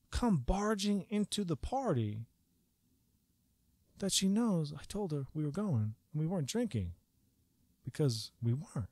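Animated, swearing man telling a story. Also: high-pitched, no room sound, studio quality. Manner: animated, profane, rambling with many "like"s. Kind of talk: casual storytelling vlog.

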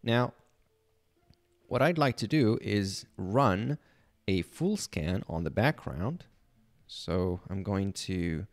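Slow, low-voiced man walking through a hack. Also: clear, resonant tone. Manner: thinking aloud, relaxed, with fillers. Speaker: channel host teaching penetration testing. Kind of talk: screen-recorded tutorial walkthrough.

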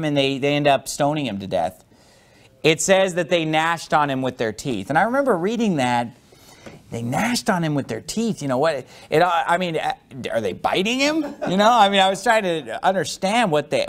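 A man pastor preaching a sermon, explaining scripture verse by verse and acting out angry teeth-gritting to make his points. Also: fairly high pitch.

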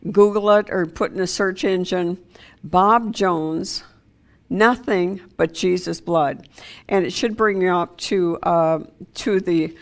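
A woman preaching an informal sermon, talking conversationally with many fillers and restarts. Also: mid-range voice.

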